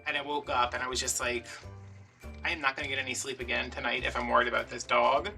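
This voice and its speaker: Man, very bright voice, chatty storytelling, slightly distant mic, faint music behind. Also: medium pitch, fast talker, creaky. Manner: chatty, animated retelling with quoted dialogue. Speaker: vlogger. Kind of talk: casual storytelling while crafting.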